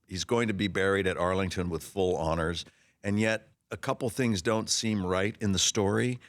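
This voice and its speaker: Man in his sixties with a low, dry voice. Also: normal speed, no room sound. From Los Angeles area. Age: 60s. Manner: animated storyteller who acts out voices in his anecdotes; frequent restarts and repeated words. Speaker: actor guest. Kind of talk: casual interview storytelling.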